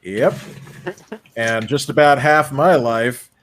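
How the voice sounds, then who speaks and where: A man's voice: medium pitch, takes it slowly, fairly bright tone, a little hiss or hum. A man in his twenties hosting a casual watch party chat, reading viewer messages aloud and laughing often.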